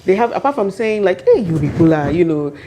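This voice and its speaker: A woman on a webinar panel, telling stories about her business in a lively way and laughing often. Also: on the low side, fairly quick, background noise. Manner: animated storyteller, laughs often. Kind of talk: casual panel discussion.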